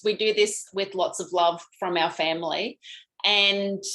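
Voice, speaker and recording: A woman's voice: mid-range voice, fairly bright tone, poor audio. Bubbly, frank Australian woman; live-stream host chatting with viewers. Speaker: host, lymphatic health practitioner. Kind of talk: live-stream chat answering viewer comments.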